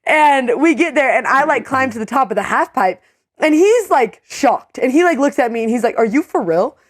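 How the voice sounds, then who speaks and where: A young woman co-hosting a podcast, telling a story in a lively way, with many fillers and quoted voices. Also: moderate pace, no room sound, clean studio sound. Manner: animated storyteller, many "like"s, acts out quotes in a higher voice. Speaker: co-host. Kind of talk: casual storytelling.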